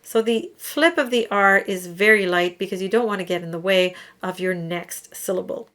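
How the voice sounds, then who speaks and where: A woman teaching singers diction, explaining patiently and slowing down to demonstrate words. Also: medium pitch, a bit bright. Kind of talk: instructional explanation.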